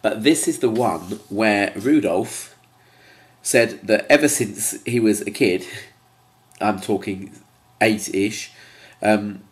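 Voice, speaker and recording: His voice is slightly low, with a congested, nasal quality from blocked sinuses. This YouTuber's casual talk to camera wanders, and he fills his many hesitant pauses with ums.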